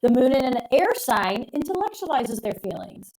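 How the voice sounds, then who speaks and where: Middle-aged woman, astrologer co-host, rambly and emphatic, voice sits a bit high. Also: very animated, normal speed, a little mellow, rough recording. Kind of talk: casual live-stream chat.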